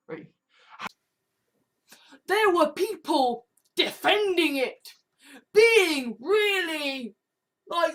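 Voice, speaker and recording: A man's voice: extremely high pitch, expressive, unhurried, fairly bright tone. A man delivering a ranting commentary monologue, sarcastic and sweary, with many restarts. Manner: sarcastic, mocks others with exaggerated quoted outbursts; swears freely, frequent restarts and fillers. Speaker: online commentator.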